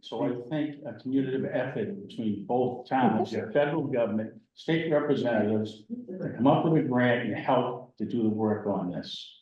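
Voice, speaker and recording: A man's voice: medium pitch, normal speed, heavy reverb, distant mic, highs cut off. A man with a Boston accent, a committee member making blunt, opinionated points at a town meeting.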